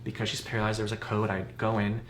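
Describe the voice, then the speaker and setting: Appearing as a guest in a relaxed conversation, a man in his forties rambles candidly through personal stories. His voice sits fairly low, and he talks fast with a flat delivery. There's a roomy quality to the audio and some faint background noise.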